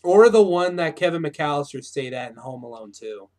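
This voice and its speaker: Male co-host from California, slightly higher voice, wisecracking, casual review banter. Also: lively intonation, moderate pace, a little mellow. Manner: joking, wisecracking asides.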